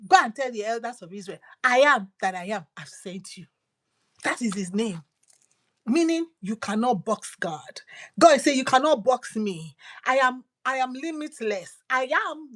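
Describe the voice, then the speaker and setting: A woman preaching a devotional sermon, repeating phrases emphatically and swinging from loud declarations to hushed whispers. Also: fairly high pitch, lively intonation, unhurried.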